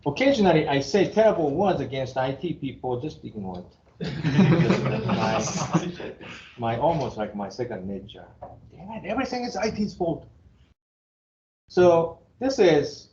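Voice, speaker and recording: A man's voice: medium pitch, lively intonation, measured pace, a little mellow, slight background noise. A man in his fifties from Japan, with a Japanese accent, giving a classroom lecture as an engineering professor in a blunt, joking way and chuckling between remarks. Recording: roomy, dull classroom recording.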